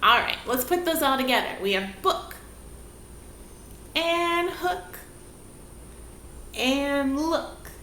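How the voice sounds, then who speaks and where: A woman leads young children through a rhyming dance lesson, asking sing-song questions at a slow, patient pace. Her fairly high voice swoops up and down with lots of life. She sounds a little distant in an echoey room. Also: animated, bright, forceful tone. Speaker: movement teacher. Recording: echoey room, faint background hiss.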